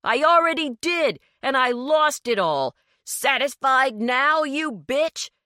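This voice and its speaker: A woman voicing a brash, greedy man who mocks and shouts when crossed. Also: medium pitch, big pitch swings, measured pace, dry recording, clean studio sound, pitched above the performer's own voice. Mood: furious. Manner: loud, sneering outbursts. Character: brash, greedy man, mocking and quick to anger.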